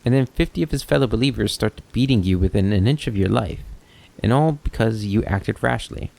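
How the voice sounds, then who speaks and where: A man's voice: on the low side, a little fast, vocal fry, a little mellow. A man voicing a sly, talkative male kobold schemer with a wry, rambling, mock-innocent manner.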